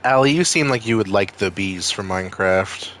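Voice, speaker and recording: A man's voice: on the low side, normal speed, a bit bright, slight background noise. A man with a Maine accent streaming a video game, chatting casually with viewers in a rambling, freely swearing way. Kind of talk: casual gaming stream chat.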